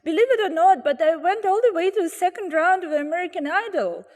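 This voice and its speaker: A woman's voice: very high voice, expressive, fast, darkish tone, long reverb tail, voice pushed up. A woman voicing a self-important young woman singer who wails indignantly through tears. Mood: tearful indignant. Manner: wailing, indignant, pleading.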